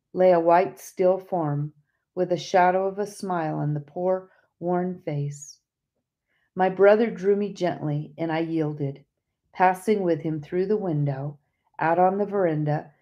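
Calm, mellow woman audiobook reader. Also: on the low side, lo-fi sound. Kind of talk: scripted narration.

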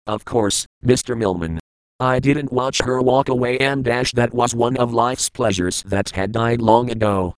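A man reading an audiobook in the first person, at a measured and reflective pace. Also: medium pitch, little pitch movement, clear, resonant tone, no room sound, rough recording. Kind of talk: audiobook narration.

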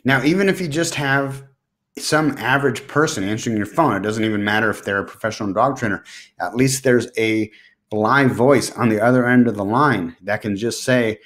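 A man's voice: medium pitch, normal speed, a bit bright. A man hosting a solo podcast, giving direct, emphatic business advice and repeating his key points. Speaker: podcast host.

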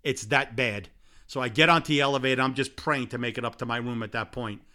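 Bright-voiced New man telling a story. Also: medium pitch, fast talker. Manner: animated anecdote-telling with laughs and repeated "blah, blah". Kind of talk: casual storytelling chat.

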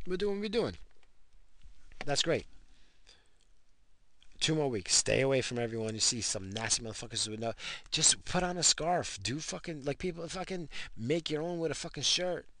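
A man's voice: medium pitch, bright, forceful tone. A man in his thirties giving a profane, rambling late-night rant after drinking, talking about his wife and kids. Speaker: vlogger ranting to camera.

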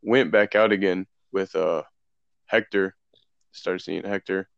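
A man's voice: low voice, slow pace, gravelly, dry recording. A young man casually telling a profane story among friends, acting out the dialogue. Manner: loose, profane, animated retelling with quoted dialogue. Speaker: podcast co-host. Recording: dull, dry lo-fi sound.

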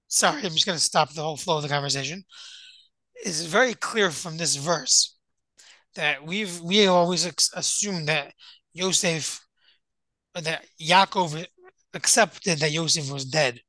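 Man, rabbi, Torah class, reads Hebrew verses and translates them, bright voice, dry sound. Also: on the high side, moderate pace, no room sound, low-quality recording. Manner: thinks aloud, asks and answers his own questions.

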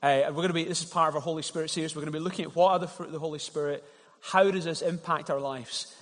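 Higher-voiced pastor in a reverberant church. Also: male voice. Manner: conversational storytelling, repeats words when starting a thought. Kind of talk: sermon. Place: church hall. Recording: long reverb of a church hall.

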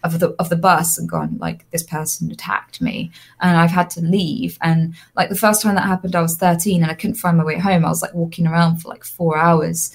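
A young adult woman, an interview guest, telling lively personal anecdotes with frequent fillers and restarts. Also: fairly low pitch, a little fast, gravelly, hardly any pauses. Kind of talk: casual storytelling.

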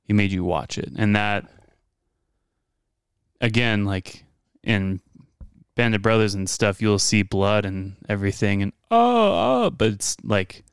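A man casually discussing a war film with friends in a relaxed, joking way. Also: fairly low pitch, unhurried, long pauses, smooth, no echo, clean studio sound. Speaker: podcast co-host.

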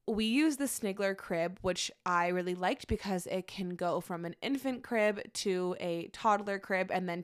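With a smooth, fairly low voice, a young podcast host in late pregnancy rambles through a casual solo episode, slightly out of breath and laughing a lot.

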